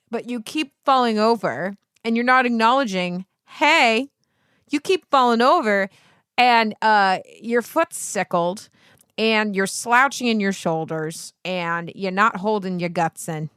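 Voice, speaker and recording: A woman's voice: mid-range voice, a little slow, smooth, no echo, studio quality. Rambling, foul-mouthed woman singing teacher. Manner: rambling, profane, easily sidetracked; animated, self-mocking asides. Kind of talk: casual vlog monologue.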